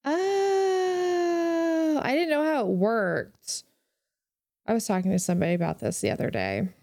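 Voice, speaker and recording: Podcast lady chatting, lots of fry, teasing and giggly, dry close sound. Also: on the low side, huge pitch swings, brisk, a little mellow, dry recording. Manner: bubbly, laughs often, playfully teasing. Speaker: podcast co-host. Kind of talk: casual chat.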